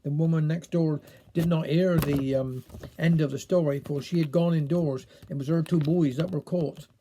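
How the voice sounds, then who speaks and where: A man with a Cornish accent reading a dialect story aloud in an unhurried, homely way. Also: a little high, steady tone, background noise.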